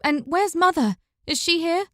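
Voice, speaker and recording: An insistent young woman, voiced by an audiobook narrator, presses her questions with urgency. Her high voice is recorded close and dry for a fantasy storybook. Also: animated, moderate pace, fairly bright tone, dry recording. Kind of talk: audiobook character voice.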